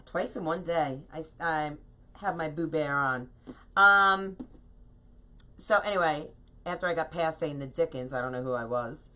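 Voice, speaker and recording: Bright, chatty woman craft host. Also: deep voice, moderate pace. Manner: chatty and animated, laughs at herself. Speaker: craft host teaching wreath making. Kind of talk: live craft tutorial, reading viewer comments.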